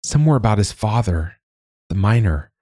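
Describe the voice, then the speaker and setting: A man voicing a calm, earnest young female recruit in an audiobook story. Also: on the low side, moderate pace, no echo, studio quality, voice pushed up.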